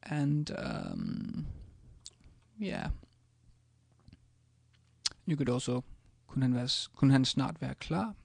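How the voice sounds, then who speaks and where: A man's voice: medium pitch, huge pitch swings, slow pace, vocal fry, pauses often, husky, no room sound. A man teaching a language in a casual screencast, hesitant, with many ums and restarts as he types examples. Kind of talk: screencast lesson, typing examples.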